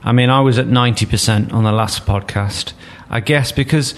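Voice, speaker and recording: A man's voice: medium pitch, fairly quick. A man hosting a casual sports podcast, steering the chat with dry joking asides. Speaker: podcast host.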